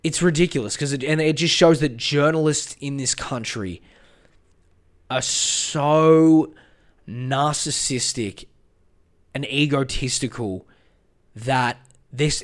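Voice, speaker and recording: A man hosting a podcast, ranting heatedly and profanely in a rambling, casual way. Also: medium pitch. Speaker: podcast host. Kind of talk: casual political rant.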